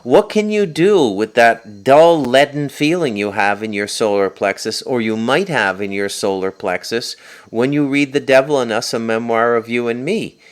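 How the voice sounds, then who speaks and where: A man's voice: medium pitch, moderate pace. A man delivering a spoken monologue as host, insistent and peppering his points with a questioning "okay?". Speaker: host and author.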